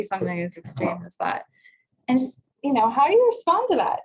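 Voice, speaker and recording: A woman's voice: a little high, wildly swooping pitch, fairly quick, breathy edge, low-quality recording. A woman coaching on intimacy, leading a guided class in a candid, conversational way, often laughing.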